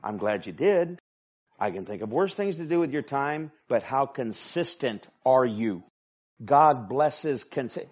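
A male pastor preaching a sermon with emphatic delivery, swinging from hushed asides to loud, forceful passages. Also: medium pitch, lively intonation, a little slow, slightly rough. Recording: dull lo-fi sound.

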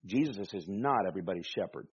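A man's voice: low voice, animated, fast talker, husky, muffled recording. A man with a Southern American accent preaching a sermon, folksy, with rhetorical questions and humorous asides. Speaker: pastor.

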